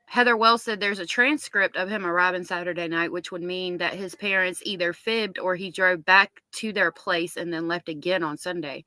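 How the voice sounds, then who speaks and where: A woman hosts a casual livestream. She reads viewer comments aloud and chats about them. Her voice is bright and forward, and the sound is close and dry with no room. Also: fairly low pitch, steady tone, normal speed, hardly any pauses, dry recording. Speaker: livestream host.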